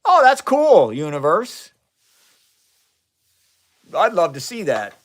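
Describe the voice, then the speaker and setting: Slow and sitting high, this man's voice swings hugely in pitch, with a Midwestern accent. He hosts a casual science live stream in his home chemistry lab, indoors, friendly and rambling as he answers chat comments from viewers. He's recorded on a phone camera that is flipped around during the stream.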